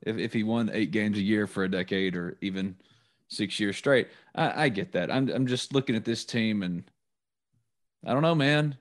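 A man's voice: lowish voice, normal speed. A man co-hosting a sports podcast, chatting casually and musing hopefully about his team.

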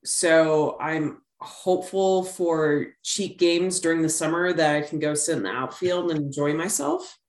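A woman's voice: low-pitched, a little slow, hardly any pauses, echoey room. A middle-aged woman co-hosting a sports podcast, chatting casually with a rambling, filler-heavy way of talking. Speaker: podcast co-host.

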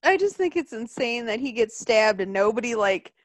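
A woman chatting casually as a podcast co-host, animated, swearing freely and acting out what others said. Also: a little high, moderate pace, no room sound. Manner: animated, swears a lot, acts out quotes. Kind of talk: casual wrestling chat.

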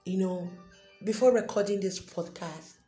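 Slow, mellow-voiced woman podcasting devotionally. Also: medium pitch. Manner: earnest, repeats herself, speaks slowly with pauses. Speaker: podcast host. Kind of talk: unscripted devotional podcast talk. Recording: echoey room with faint music.

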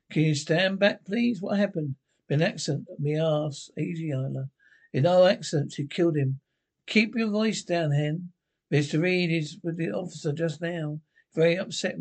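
A man's voice: a little high, a little mellow. An actor playing a grumbling older pensioner in a TV sitcom, blunt and sweary in banter with his pals. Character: grumbling older Glasgow pensioner, nosy and sharp. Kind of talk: TV sitcom acting.

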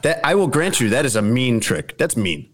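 A man's voice: mid-range voice, big pitch swings, normal speed. A man in casual chat, teasing his friend and playfully taking the other side of the argument.

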